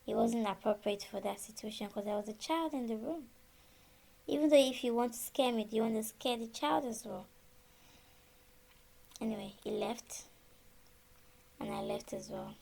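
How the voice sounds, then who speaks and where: Animated, gravelly-voiced woman telling her story. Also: a little high, normal speed, pauses often. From Nigeria. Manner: animated, reenacts conversations with quoted dialogue. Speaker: storyteller sharing her birth experience. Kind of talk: casual personal storytelling.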